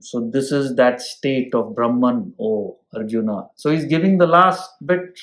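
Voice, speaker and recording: A man's voice: medium pitch, measured pace. Man teaching scripture, echoey room. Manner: explains with homely examples and asks listeners "hmm?". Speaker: spiritual teacher. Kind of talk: scripture lecture.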